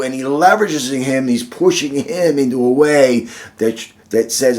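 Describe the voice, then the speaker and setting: A man delivers a short devotional in an earnest, unhurried way, stacking repeated phrases to build his point. His voice sits at an ordinary middle pitch. He often stops and restarts mid-sentence as he searches for words. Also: fairly even intonation. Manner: slow, deliberate delivery with frequent restarts. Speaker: devotional speaker.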